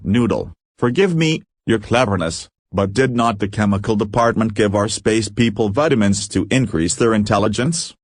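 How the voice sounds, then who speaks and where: A man voicing a deferential alien underling who flatters his leader. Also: on the low side, moderate pace, hardly any pauses, no echo, studio quality. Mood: fawning. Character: fawning alien crew member, flattering the leader.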